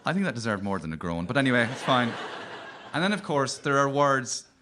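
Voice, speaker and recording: A man's voice: mid-range voice, very animated, a little fast, noisy background. A man with a Cork Irish accent hosting a radio comedy show, telling wry, playful stand-up stories. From Cork, Ireland. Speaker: comedian host.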